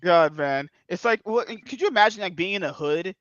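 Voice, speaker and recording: A man's voice: high voice, expressive, fairly quick, a bit bright, no room sound. Crude, blunt male podcast host, dull mic. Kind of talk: casual podcast chat.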